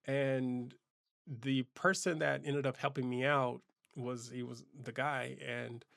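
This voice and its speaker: Man, 40s, host: gravelly, dry-miked, relaxed storyteller who restarts sentences often. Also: medium pitch, slow pace, dry recording. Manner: casual, loose, with frequent fillers and restarts. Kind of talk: personal storytelling.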